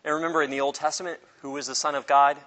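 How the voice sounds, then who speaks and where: A man leads an informal Bible study in a large hall, and the room's long echo trails after each phrase. His voice is fairly high and bright. He keeps it lively, joking with the class and acting out the people in the stories. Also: rapid-fire. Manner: animated, jokey, acts out voices of people in the story.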